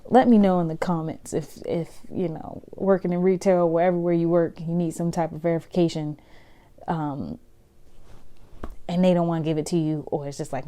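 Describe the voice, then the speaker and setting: A woman hosts her own podcast, talking through her day in a loose, conversational way. Her voice sits low and sounds mellow and warm. She laughs often between her thoughts. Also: fairly even intonation, moderate pace. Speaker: podcast host. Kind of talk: casual solo podcast monologue.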